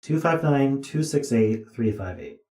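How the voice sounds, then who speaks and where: A man's voice: medium pitch, animated, a little slow, a little mellow. A tired man streaming himself as he thinks aloud through a puzzle, muttering to himself with dry asides. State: tired, yawning. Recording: roomy echo.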